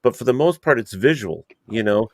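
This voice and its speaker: A man in a mid-range voice speaks on a podcast as a paranormal investigator guest, halting and rambling as he thinks aloud. The sound is dry, with no room. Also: medium pitch, animated, a little mellow, no echo. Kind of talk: casual podcast chat.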